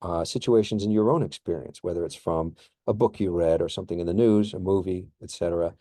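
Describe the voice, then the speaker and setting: Man, professor, low voice, mellow, dry close sound, relaxed lecture with fillers. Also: fast, no room sound. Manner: relaxed, many fillers and restarts. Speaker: history professor. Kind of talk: recorded course introduction lecture.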